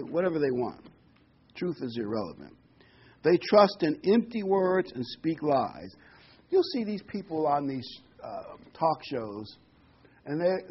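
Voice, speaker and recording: A man preaching a sermon, animated and repeating key words for emphasis, heard on a dull lo-fi recording. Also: fairly high pitch, slightly rough.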